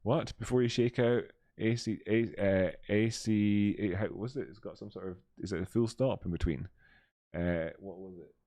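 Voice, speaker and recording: Deep-voiced man hosting a live stream. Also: moderate pace, mellow, no room sound. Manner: loose, thinking aloud with many fillers. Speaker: live stream host and market analyst. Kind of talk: live-stream chat and chart analysis.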